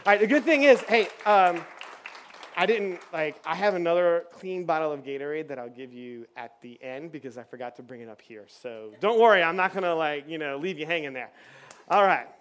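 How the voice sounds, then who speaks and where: A man's voice: a little high, a little fast, a bit bright. A man leading a children's church session on stage, playful and chatty with lots of fillers. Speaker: children's pastor. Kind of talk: lively children's church talk. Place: church stage with kids and adults.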